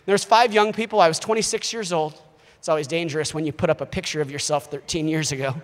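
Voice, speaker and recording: Brief: male preacher in his thirties, high voice, lively delivery, reverberant church hall. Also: quick pace. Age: 30s. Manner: animated, acts out quoted voices. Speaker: visiting missionary preacher. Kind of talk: sermon.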